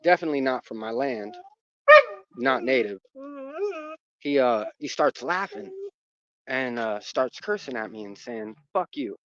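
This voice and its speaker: A man's voice: mid-range voice, big pitch swings, measured pace, pauses often, fairly bright tone. Rambling man telling a story, muffled. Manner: rambling, lots of fillers and restarts. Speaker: dog owner telling a personal story. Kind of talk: casual storytelling. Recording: muffled dry recording.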